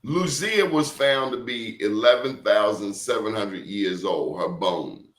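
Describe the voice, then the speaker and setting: A man's voice: on the low side, lively intonation, a little slow, fairly bright tone. A man in casual conversation, telling stories emphatically with blunt slang. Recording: roomy echo.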